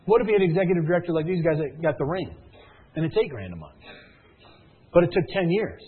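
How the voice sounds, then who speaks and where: A man delivers a motivational talk with a husky, grainy voice that swings widely up and down in pitch. He drives his points home through repetition and stories. The sound is thin and tinny, as if heard over a phone line. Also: expressive, quick pace. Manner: emphatic, repetitive, storytelling, rising and falling intensity. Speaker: motivational speaker at a sales meeting. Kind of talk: motivational speech to a live room.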